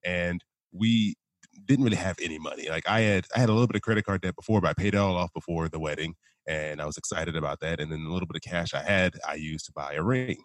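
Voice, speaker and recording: A man with a very deep voice talks quickly as a guest on a podcast, telling his own story in an easygoing way. He is recorded dry over a video call, with no room echo. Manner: easygoing storyteller, light self-mocking humor. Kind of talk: casual interview chat. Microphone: remote video call.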